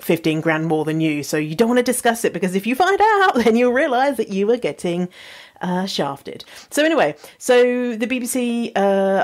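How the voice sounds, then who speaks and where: A woman podcast host getting over a cold, her voice slightly husky, chatting frankly and laughing often. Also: fairly low pitch, a little mellow. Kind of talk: casual podcast chat.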